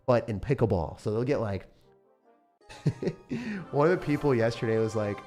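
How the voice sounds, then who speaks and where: A man chatting excitedly while live-streaming a mobile game, often laughing and talking to his viewers. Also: mid-range voice, moderate pace, soft background music. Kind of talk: live-stream gameplay chat.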